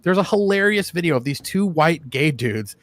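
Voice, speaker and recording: A man hosting a casual voice-chat debate, telling stories fast and saying "dude" a lot. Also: a little high, animated, no room sound. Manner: fast storyteller, acts out quotes, says "dude" a lot. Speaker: host. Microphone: headset or desk mic on a voice call.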